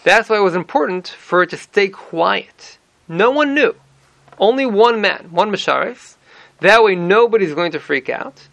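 A man teaching a Torah class, explaining lively with many rhetorical questions and Hebrew terms. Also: sits high, moderate pace, creaky, no room sound. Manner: animated explaining, frequent rhetorical "right?"; mixes in Hebrew terms and verse readings.

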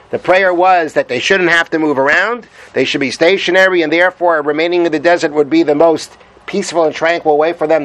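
A man's voice: on the high side, a bit bright, poor audio. A man giving a Torah lesson, reading Hebrew sources aloud and translating them, explaining patiently and repeating his points. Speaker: Torah teacher.

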